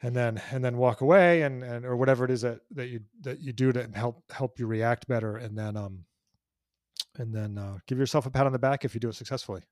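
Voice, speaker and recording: A man talks earnestly in a dry, close-sounding recording, often restarting with repeated words before pressing his point with emphasis. His voice sits at an ordinary middle pitch. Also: brisk, darkish tone, dry recording. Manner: earnest, repeats words when starting thoughts, grows emphatic. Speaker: guest. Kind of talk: casual chat.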